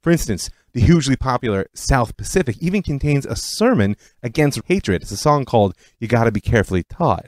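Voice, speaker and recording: A man's voice: mid-range voice, a little fast, hardly any pauses, dry recording. A man hosting a podcast, narrating history in a scripted, storytelling way. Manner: storytelling, lively delivery. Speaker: podcast host.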